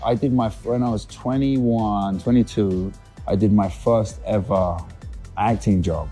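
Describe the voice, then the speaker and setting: Chill young guy, lowish mellow voice, kinda rambles and restarts a lot, faint music behind. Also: steady tone, measured pace. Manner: laid-back, rambling with restarts. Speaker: actor guest. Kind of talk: casual interview chat.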